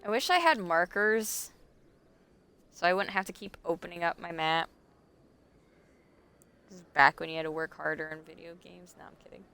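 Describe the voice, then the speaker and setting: A woman's voice: sits low, level tone, fairly quick, creaky, pauses often, sharp tone, smooth. Chatty woman streaming a game. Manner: chatty, talks to herself and chat, laughs often. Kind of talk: casual live gameplay commentary.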